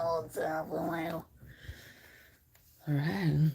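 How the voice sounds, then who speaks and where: A woman's voice: low-pitched, measured pace, vocal fry, a little hiss or hum. A woman livestreaming from home, chatting casually in a rambling, giggly way. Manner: rambling, giggly, doting baby talk to her cat. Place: home, indoors.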